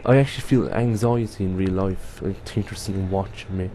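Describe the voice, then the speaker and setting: A man's voice: on the low side, fairly even intonation, fairly quick, hardly any pauses, mellow, slight background noise. A young man playing a horror game and commenting to viewers, jumpy and swearing often. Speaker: gaming youtuber. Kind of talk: let's play commentary.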